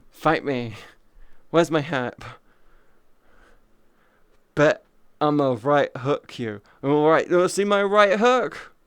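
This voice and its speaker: Slow, clear-voiced man streamer cursing playfully. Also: a little high, fairly bright tone, dry recording, clean studio sound. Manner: crude, profane, joking banter; greets and thanks chat viewers. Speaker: VR livestreamer. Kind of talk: casual livestream chat.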